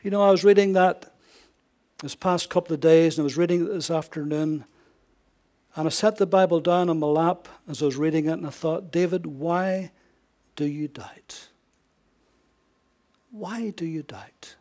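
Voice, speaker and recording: A man preaching a sermon, swinging between raised emphasis and hushed near-whispers, often asking his listeners rhetorical questions. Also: on the high side, fairly even intonation, fairly quick. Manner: frequent rhetorical questions to the congregation.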